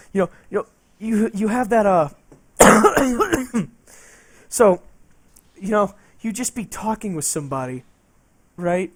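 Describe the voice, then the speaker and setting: A man's voice: on the high side, dry recording. Rambling, profane young-sounding male streamer. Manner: rambling, profane, laughing between lines. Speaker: game streamer. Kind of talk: casual storytelling on a stream.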